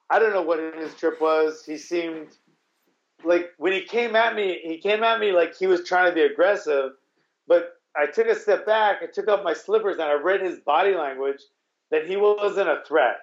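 A man tells a casual story, rambling and restarting, with blunt curse words here and there. His voice sits a little high for a man. The sound is roomy and a bit dull. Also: normal speed. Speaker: guest telling a story.

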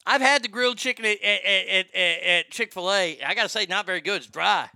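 A Texan man ranting casually about fast food, swearing a lot and stumbling over restarts. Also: high voice, gravelly, sharp tone, no echo, studio quality. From Texas. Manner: profane, rambling, stammering restarts. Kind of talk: casual rant.

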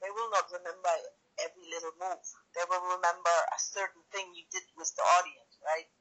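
Bright animated woman wrestler. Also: lowish voice, fairly quick, rough recording. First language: German. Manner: animated, tags sentences with "right?" and "like". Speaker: professional wrestler. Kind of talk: casual interview storytelling.

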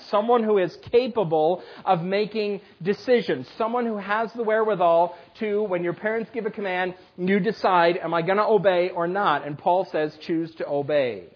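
A husky, fairly high-voiced man in his thirties preaches in a church, speaking plainly and directly to the children. The recording is dull and lo-fi. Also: moderate pace, few pauses. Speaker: pastor. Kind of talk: sermon. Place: church sanctuary.

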